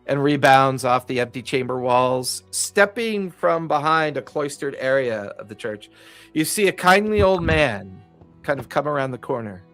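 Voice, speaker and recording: A man narrating as the game master of a tabletop game, telling the story in a calm and measured way over an online call. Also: mid-range voice, faint music behind.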